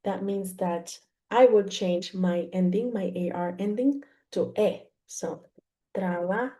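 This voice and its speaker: Woman from Mexico, language teacher; mellow tone, unhurried, patient explaining. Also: mid-range voice. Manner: patient, repeats "okay?" after each point, slow and careful. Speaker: Spanish teacher. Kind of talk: explaining grammar to learners.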